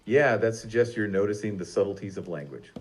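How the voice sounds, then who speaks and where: A man's voice: lowish voice, animated, brisk. A man co-hosting an upbeat podcast chat, agreeable and building on his partner's points. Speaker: podcast co-host.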